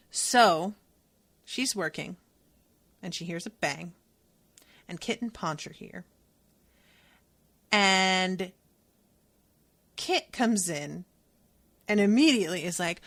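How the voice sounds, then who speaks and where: A woman's voice: fairly low pitch, lively intonation, takes it slowly, long pauses, fairly bright tone. A woman podcast host recapping and reading from a book in a candid, casual way, swearing freely as she retells it.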